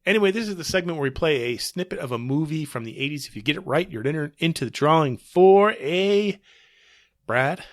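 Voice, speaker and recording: A man's voice: fairly high pitch, lively intonation, brisk, dry recording, studio quality. A man co-hosting a podcast in playful, joking banter, his voice a little wheezy. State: slightly wheezy. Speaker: podcast co-host. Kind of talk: casual chat.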